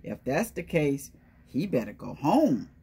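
A woman's voice: low voice, very animated, measured pace, mellow, breathy edge. A woman reading a picture book aloud to young children, stopping often to ask them questions and call on them by name. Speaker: children's storytime presenter.

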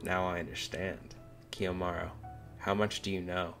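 Icy demanding woman read by a guy in his own deep voice, slow and gravelly. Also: little pitch movement, fairly bright tone, soft background music. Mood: cold. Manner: read aloud from a manga, barely acted.

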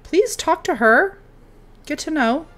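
Lively young woman cheering a game. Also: high-pitched, slow pace. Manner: excited, cheering on her character. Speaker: game streamer. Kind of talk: casual gameplay commentary.

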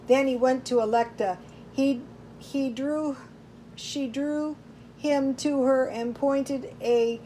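A woman reading a storybook aloud in slow, measured narration. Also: fairly high pitch, a little mellow, slight background noise, poor audio. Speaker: audiobook reader.

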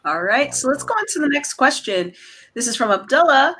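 A woman moderating a panel with a bright, clear tone. She reads out audience questions with lively, upbeat intonation. Her voice sits fairly high. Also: fairly quick. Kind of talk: hosting a panel Q&A.

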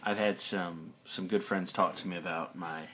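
A man's voice: low voice, steady tone, moderate pace, fairly bright tone, slight background noise. A man talking to his camera about a Bible passage in a loose, rambling way, with lots of ums and restarts. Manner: rambling, many fillers and restarts. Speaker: video blogger discussing a Bible passage. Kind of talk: casual talk to camera. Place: indoors, dim room. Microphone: camera mic, looking at camera.

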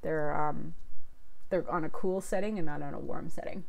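A woman's voice: low voice, fairly even intonation, moderate pace, gravelly. A young woman from Canada hosting a casual livestream chat, rambling with fillers and reading viewer comments. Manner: chatty, rambling with fillers and laughs. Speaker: livestream host.

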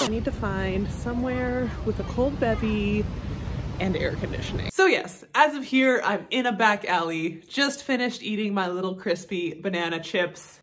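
Lively young woman telling a travel story. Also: mid-range voice. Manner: chatty, self-deprecating, lively. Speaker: travel vlogger. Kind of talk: casual storytelling vlog.

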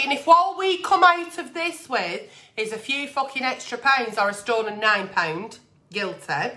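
A woman giving blunt, sweary, animated advice in a candid vlog, answering readers' letters like an agony aunt. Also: fairly high pitch.

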